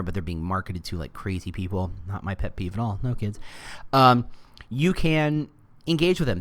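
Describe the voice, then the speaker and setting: A middle-aged man hosting a podcast, talking casually and animatedly. His voice is fairly low but jumps around expressively, with frequent restarts and side remarks. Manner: animated, chatty, many restarts and asides. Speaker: podcast host. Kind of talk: casual monologue.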